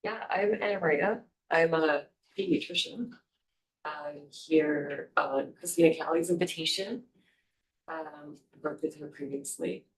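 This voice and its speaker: Hesitant, lowish-voiced woman in her forties. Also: unhurried, low-quality recording. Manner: hesitant, with laughs. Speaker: pediatrician, committee guest. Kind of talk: introduction at a committee meeting.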